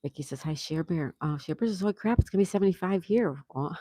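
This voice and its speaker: A woman's voice: deep voice, brisk, mellow, no echo. A woman hosting a casual livestream outdoors, chatty and affectionate, reading viewer comments aloud. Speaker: livestream host.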